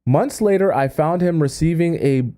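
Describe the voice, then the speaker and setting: A man's voice: fairly high pitch, moderate pace, dark tone. A man hosting a dating-advice live stream, reading a letter aloud and stammering in disbelief, trailing off into mutters. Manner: stammering, incredulous, dropping to mutters and breaking into laughter.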